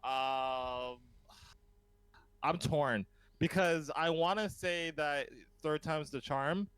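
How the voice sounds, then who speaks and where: A man hosting a casual podcast chat, enthusiastic, laughing often and filling pauses with ums. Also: a little high, fairly bright tone, clean tone, no room sound, rough recording. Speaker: podcast host.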